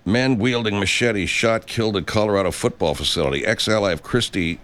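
Middle-aged male podcast host, low voice that swings widely, profane rambling rant. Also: gravelly, a little hiss or hum. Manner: profane, rambling, heated rhetorical questions. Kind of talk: casual solo rant reading headlines.

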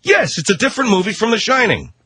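A man's voice: high-pitched, big pitch swings, quick pace, bright, forceful tone, slightly rough, no echo. A middle-aged man hosting a comedy radio show, joking wryly and bickering with exasperation. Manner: wry, exasperated banter.

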